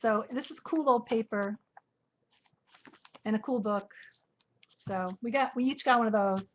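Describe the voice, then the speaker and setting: A woman with a high voice rambles cheerfully about her trip, laughing between thoughts and restarting sentences. The sound is dull and muffled, like an early live stream. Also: a little slow. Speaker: co-host of a live crafting show. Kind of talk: casual storytelling chat.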